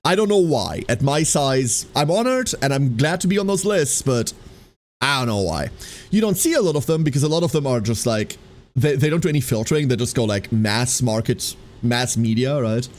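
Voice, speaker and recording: A man chatting casually on a live stream, rambling and animated, who tacks a running 'quack' onto his lines. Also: medium pitch, normal speed.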